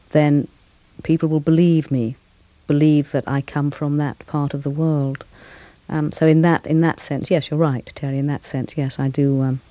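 Thoughtful actress, dark muffled tone. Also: female voice, low-pitched, no room sound. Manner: thoughtful, measured, with frequent fillers and little laughs. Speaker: actress as interview guest. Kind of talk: reflective interview answers.

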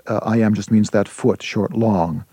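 A man, a playwright and translator, answering a radio interview in a halting way with many restarts. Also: fairly low pitch, steady tone, warm tone, slightly rough, no room sound.

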